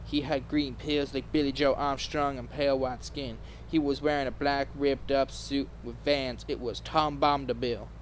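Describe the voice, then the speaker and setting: A man's voice: mid-range voice, steady tone, normal speed, hardly any pauses, slight background noise. Male host reading a story aloud for laughs, mid-range voice, trips over words, sudden mock-dramatic bursts. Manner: reads aloud with stumbles and mock-dramatic outbursts. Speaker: podcast host. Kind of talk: comedic dramatic reading of a fanfic.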